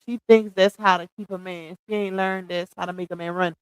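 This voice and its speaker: A woman's voice: on the low side, steady tone, a little fast, clean tone, dry recording, low-quality recording. A middle-aged woman hosting a casual live-stream gossip chat. She reads viewer comments aloud and reacts with sassy slang, laughing often. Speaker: livestream host reading chat comments.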